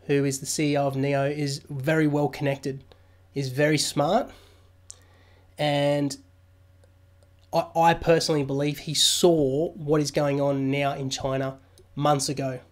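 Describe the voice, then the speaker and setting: A man hosting a casual crypto live stream, reading news aloud and joking with viewers through a studio mic. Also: a little high. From Australia. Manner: jokey, chatty, reads news aloud then riffs. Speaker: crypto livestream host. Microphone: new studio mic.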